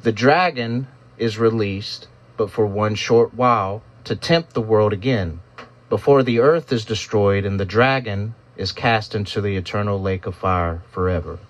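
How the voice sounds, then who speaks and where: A man's voice: lowish voice, close to an everyday voice. A man doing a solemn, authoritative winged angel. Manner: solemn, measured preaching cadence. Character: towering glowing winged male angel, calm, authoritative. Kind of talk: scripted narration.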